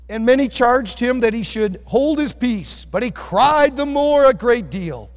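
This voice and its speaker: A man preaching a sermon, quoting scripture and moving from loud cries to quiet, intense asides. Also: unhurried. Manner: animated preaching, rising to loud cries and dropping low. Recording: echoey hall with long reverb.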